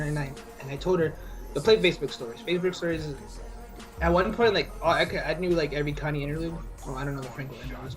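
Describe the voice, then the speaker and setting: A young man co-hosting a podcast in casual chat, rambling with slang and many restarts. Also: fairly high pitch. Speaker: podcast co-host.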